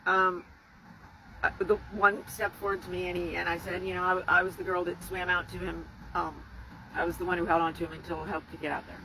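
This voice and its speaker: A woman's voice: lowish voice, level tone, a little fast, pushed and bright, slight background noise, rough recording. A woman candidly recounting a frightening experience to the camera, emotional and swearing freely. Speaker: rescuer telling her story. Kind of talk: personal storytelling to camera.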